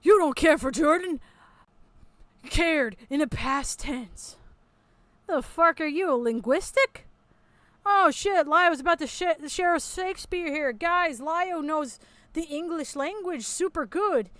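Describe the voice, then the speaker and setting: A woman's voice: sits high, measured pace, fairly bright tone, dry recording. A woman hosting a commentary video, mocking and sarcastic, swearing a lot as she talks over a recorded call.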